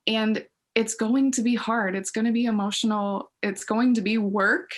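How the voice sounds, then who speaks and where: A woman's voice: on the high side, steady tone, moderate pace. A young adult woman, a podcast guest, talking earnestly in casual interview chat, full of "like" and "um". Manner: earnest, heavy use of "like" and "um".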